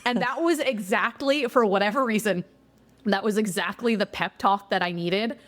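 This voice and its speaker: A young woman telling a casual interview story about her competitions, chatty, full of "like", swearing when she gets excited. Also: medium pitch, normal speed. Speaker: guest, jiu-jitsu competitor.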